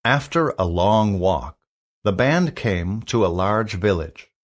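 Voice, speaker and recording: Male narrator, storybook read-aloud for learners, slow careful delivery, lively pitch.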